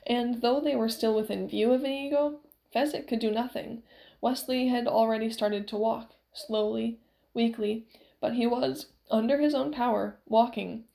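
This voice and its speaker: A woman narrating a novel aloud in a measured, steady storytelling way. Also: fairly high pitch, gravelly. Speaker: audiobook narrator.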